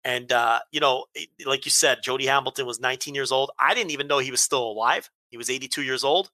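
A man's voice: mid-range voice, fast, bright, forceful tone, dry recording. A man co-hosting a wrestling podcast, ranting in a heated, profane way in casual chat. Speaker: podcast co-host.

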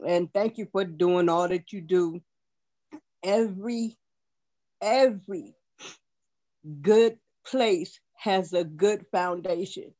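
Earnest woman, slow and tearful, thanking colleagues. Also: on the low side, warm tone, lo-fi sound. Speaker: meeting participant. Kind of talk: emotional thank-you speech.

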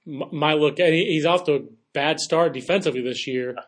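A man co-hosting a baseball podcast, talking in a quick, chatty way with joking asides. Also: on the high side. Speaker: podcast co-host. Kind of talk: casual sports talk.

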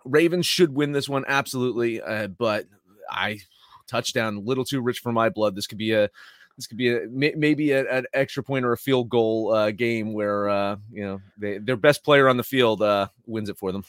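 A man co-hosting a sports betting podcast, halting and full of fillers, swearing casually as he talks. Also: mid-range voice, dry recording, studio quality.

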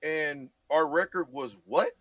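A man bantering on sports radio, teasing and animated, his voice swinging from loud bursts to low mutters. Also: a little slow, dry recording, far from the mic.

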